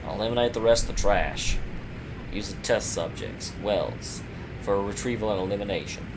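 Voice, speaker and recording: A man voicing a cold, calculating male villain commander in a low, hushed voice, reading video game dialogue aloud. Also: moderate pace, noisy background, close to an everyday voice.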